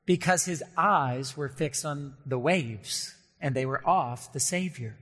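A man preaching a sermon in an earnest way, slowing down to stress key points and briefly acting out the voices he quotes. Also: a little high, a bit bright, in a large hall. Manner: earnest, slows down for emphasis, acts out quoted voices. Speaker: pastor.

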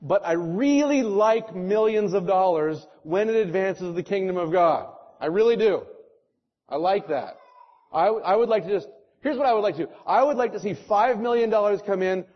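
A man preaching with real fire, his fairly high voice swinging between urgent calls and hushed, earnest prayer. The recording is dull and lo-fi, like a church sermon taped and passed along. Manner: impassioned preaching, rising loud exhortations then hushed prayer. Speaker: pastor.

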